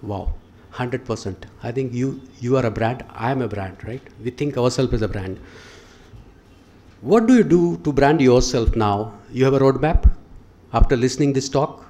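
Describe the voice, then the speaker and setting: A man's voice: medium pitch, animated, normal speed, mellow. A man with an Indian accent, a guest speaker giving a motivational lecture with audience questions, telling stories and putting questions straight to the audience. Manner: storytelling, questions the audience directly. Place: lecture hall.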